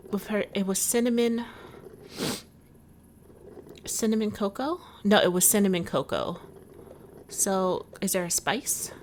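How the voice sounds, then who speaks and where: A woman's voice: medium pitch, a little slow, pauses often, a little mellow, a little hiss or hum. Chatty woman playing a story game. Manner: chatty and emotional, reacting aloud to the story. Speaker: video game player. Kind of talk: let's play commentary. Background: game music.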